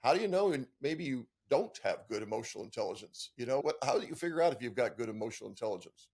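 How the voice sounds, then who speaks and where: Quick-talking male podcast host. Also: mid-range voice, lively intonation, a little mellow, husky. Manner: conversational, rephrases his questions as he goes. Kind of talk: interview questions.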